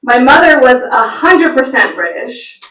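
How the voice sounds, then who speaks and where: A woman performing stand-up comedy at a live event, telling stories in a slow, storytelling delivery. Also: high-pitched, expressive, sharp tone. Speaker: stand-up comic. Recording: roomy venue sound from a distant mic.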